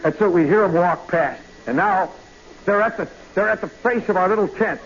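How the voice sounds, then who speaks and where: A man hosting a radio show, telling a long story in a rambling, animated way, full of asides and "you know"s. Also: high-pitched, normal speed. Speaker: radio host. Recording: muffled old radio broadcast with faint hiss.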